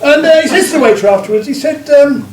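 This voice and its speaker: A man's voice: very high-pitched, lively intonation, quick pace. A man telling jokes to a live pub audience, rambling and chuckling at his own punchlines. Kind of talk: live stand-up joke telling. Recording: echoey room, distant mic.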